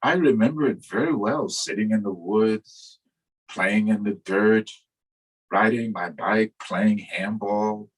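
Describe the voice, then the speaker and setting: Husky older man giving a dharma talk. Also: fairly low pitch, slow pace, poor audio. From New York. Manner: reflective, storytelling, gentle humor. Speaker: Buddhist teacher.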